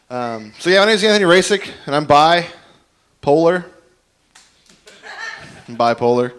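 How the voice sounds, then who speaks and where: A man doing a dry, deadpan, self-mocking stand-up set on a comedy club stage. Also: mid-range voice.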